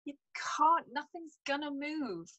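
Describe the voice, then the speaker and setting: A woman's voice: high voice, lively intonation, unhurried, pushed and bright, rough recording. Frank, laughing woman guest. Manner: frank, self-deprecating, laughs often. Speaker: podcast guest, health psychologist. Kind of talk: casual conversational interview.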